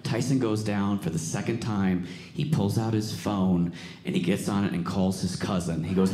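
A male comedian telling a story on stage in an animated way that builds to excited shouting. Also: deep voice, moderate pace. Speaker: stand-up comedian. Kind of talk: stand-up storytelling. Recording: roomy stage recording, faint noise.

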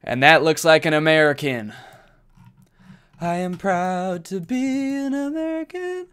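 A man streaming from a carpeted room at home, chatting casually with his viewers while he plays, and bursting into loud exclamations when he gets excited. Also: a little high, clear, resonant tone. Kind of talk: casual live-stream chat while gaming.

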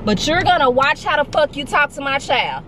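A woman in her early forties telling a casual storytime vlog, candid and animated, quick to vent. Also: sits high, background noise. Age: 40s. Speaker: vlogger.

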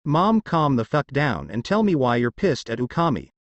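Brash young ninja boy, blunt, exasperated, read by a man, lively, dry. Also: mid-range voice, normal speed, no echo, lo-fi sound.

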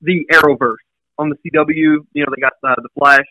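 A man with a Kentucky accent hosting a casual podcast interview, chatty and quick to laugh. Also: fairly high pitch, fairly even intonation, sharp tone, no echo, low-quality recording. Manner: chatty, laughs between lines. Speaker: podcast host. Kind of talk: casual chat.

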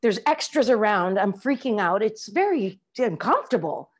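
A middle-aged woman talking casually on a video call as an interview guest, animated and acting out quoted lines. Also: mid-range voice, moderate pace, breathy edge. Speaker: actress guest.

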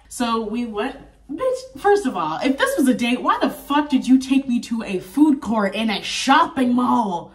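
A woman in her twenties telling a storytime in a casual travel vlog, animated and profane, full of fillers and a bit sick with a cough. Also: on the high side, moderate pace, recorded from a distance. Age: 20s. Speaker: vlogger.

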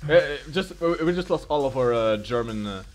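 A man's voice: mid-range voice, lively intonation. A man commenting live on a video game match with playful, joking banter. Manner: playful, jokey, fast banter. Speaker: esports commentator.

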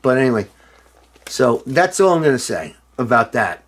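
A tipsy middle-aged man rambling excitedly in a casual video monologue, swearing and breaking into loud outbursts. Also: mid-range voice, normal speed. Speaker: former band member showing a reissued album.

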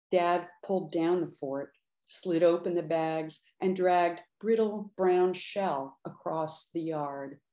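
Slow, measured woman reading poems. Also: on the low side, mellow, roomy sound. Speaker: poet reading her work. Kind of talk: poetry reading.

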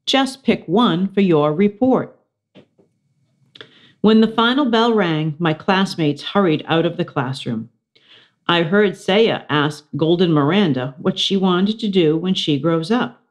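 A woman reading a children's chapter book aloud, giving the characters expressive voices. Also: fairly low pitch, measured pace. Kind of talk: children's storybook read-aloud.

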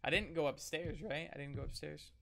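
A man commenting on his horror game playthrough, excitable, swearing and chuckling as he talks to himself. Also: on the high side, brisk, gravelly, slight background noise. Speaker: game streamer.

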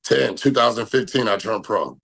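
Man, 30s, from Minnesota, gravelly, bright tense tone, casual boastful interview talk. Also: lowish voice, lively intonation, normal speed. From Minnesota, USA. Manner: loose, boastful, lots of filler and repeats. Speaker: pro bodybuilder guest.

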